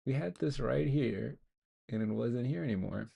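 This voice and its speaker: His voice is medium-pitched and creaky, dark with a breathy edge, at normal speed. A young game developer on a live stream, he rambles, pokes fun at himself and talks to himself while coding in a casual chat.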